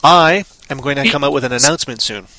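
Rambling, playful bright-voiced man. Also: medium pitch, fast, dry recording, rough recording. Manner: rambling, playful, puts on a silly accent. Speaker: podcast co-host. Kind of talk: casual chat.

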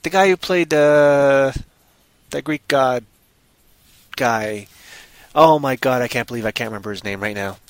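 A man's voice: mid-range voice, a little slow, pauses often, smooth, no room sound. A man hosting a podcast, chatting casually in a rambling, jokey way. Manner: rambling, jokey, bursts of loud goofy voices. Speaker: podcast host. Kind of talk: casual chat.

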